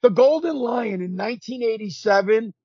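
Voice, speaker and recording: A man in his fifties, a podcast guest, telling stories in an animated way, acting out quotes and often restarting his sentences. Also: sits high, normal speed, husky, no echo. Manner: animated storyteller, acts out quotes, frequent restarts. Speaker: podcast guest, former pro wrestler. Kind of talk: casual storytelling interview. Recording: dull lo-fi sound.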